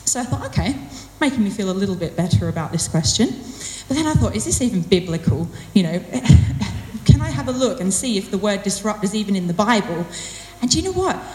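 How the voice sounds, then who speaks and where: A woman's voice: mid-range voice, very animated, fairly quick, darkish tone. A woman giving a personal sermon talk in a chatty, self-deprecating way, with playful emphasis on her words. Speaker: church speaker. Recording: echoey hall with long reverb.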